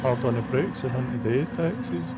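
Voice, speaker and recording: A man co-commentating a sim race in a relaxed, chuckling way. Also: mid-range voice, moderate pace. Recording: loud background noise.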